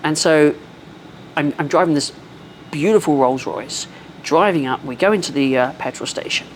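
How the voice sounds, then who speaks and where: A woman, telling a self-deprecating story in a measured, wry way on a live podcast. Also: low-pitched, slight background noise. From England. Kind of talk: casual storytelling.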